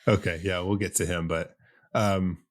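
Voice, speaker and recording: A man's voice: low voice, steady tone, normal speed. A man hosting a podcast in casual chat, loose and rambling with lots of ums. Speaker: podcast host.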